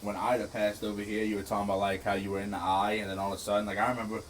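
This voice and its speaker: A man's voice: on the low side, monotone, racing, slight background noise, poor audio. A man, hosting in a loose, casual way, often restarting with "like" and "I mean". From St. Bernard Parish, Louisiana. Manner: loose, starts over often, says "like" and "I mean" a lot. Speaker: podcast host. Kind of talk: casual chat.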